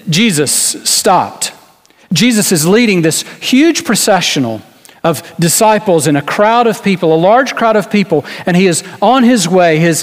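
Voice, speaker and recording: A pastor with a fairly high voice preaches an earnest sermon, with a long reverb tail trailing his words. He asks rhetorical questions and restarts short phrases as he goes.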